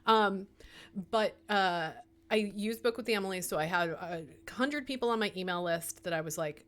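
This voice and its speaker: A woman's voice: medium pitch, normal speed, a bit bright. Chatty woman romance author. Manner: enthusiastic, emotional, chatty. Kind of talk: casual podcast chat.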